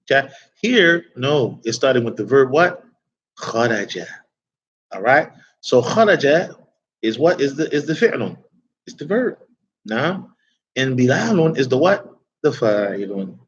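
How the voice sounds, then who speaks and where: A man's voice: medium pitch, big pitch swings, a little slow, long pauses, dull audio. A man teaching an Arabic grammar class in a casual, chatty way, often asking the class rhetorical questions.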